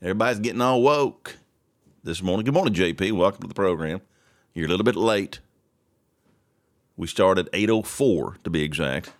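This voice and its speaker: A man's voice: sits low, moderate pace, long pauses. A man hosting a casual morning talk show, reading news items aloud and rambling through his own asides with the odd chuckle.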